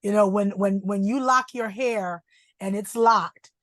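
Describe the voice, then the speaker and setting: A woman's voice: medium pitch, measured pace, fairly bright tone, no echo, studio quality. A woman giving emotional, fervent testimony in a faith group question-and-answer session. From United States. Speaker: group member.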